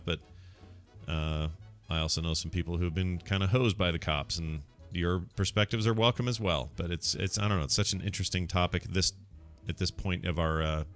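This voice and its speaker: A man hosting a podcast, talking candidly in a relaxed, joking way. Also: deep voice. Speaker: podcast host. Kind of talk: casual chat.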